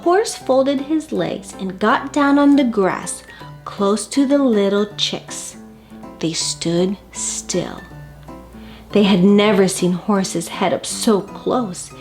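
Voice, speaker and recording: A woman reading a children's picture book aloud, slowly and expressively, and talking directly to the young listeners. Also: medium pitch, soft background music. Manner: slow, expressive, addresses children. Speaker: storybook reader for children.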